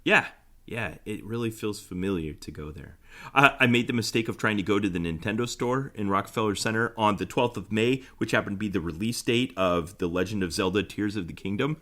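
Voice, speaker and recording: A young man co-hosting a podcast in casual chat, telling travel anecdotes in an animated way and laughing as he talks. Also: lowish voice, a little fast. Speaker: podcast co-host.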